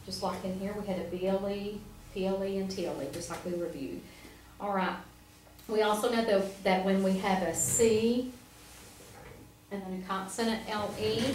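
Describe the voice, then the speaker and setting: A woman reading teacher tutoring a student one-on-one, patient and encouraging, prompting step by step. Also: mid-range voice. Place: classroom. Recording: roomy, from far off, faint noise.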